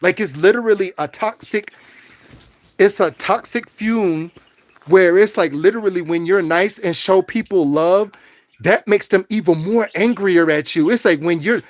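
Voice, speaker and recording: A high-pitched man hosts a casual livestream at a measured pace, with no room sound on the recording. He speaks directly to his viewers in a preachy, repetitive manner.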